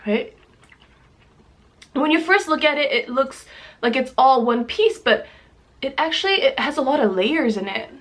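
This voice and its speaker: A woman hosting a casual food vlog at home, chatty and excitable as she eats and describes each dish, teary from spicy food. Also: high voice, a little slow, long pauses. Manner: chatty, excitable, exclaims often. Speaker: mukbang host.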